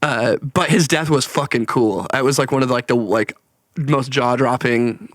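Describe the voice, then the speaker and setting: A man's voice: medium pitch, normal speed, dry recording, studio quality. A young man co-hosting a casual podcast, laughing often, swearing and acting out movie lines as he reviews films. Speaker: podcast co-host. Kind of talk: casual chat.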